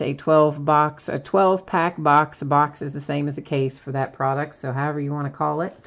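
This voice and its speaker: A woman hosting a live sports card break stream, talking through cards and the upcoming schedule in a chatty, steady way. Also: deep voice, vocal fry. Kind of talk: live stream product recap.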